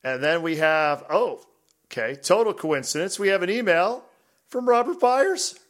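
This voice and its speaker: Podcast guy reading listener emails, jokey, laughs a lot, voice a bit high. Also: sing-song, normal speed, a bit bright. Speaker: podcast co-host.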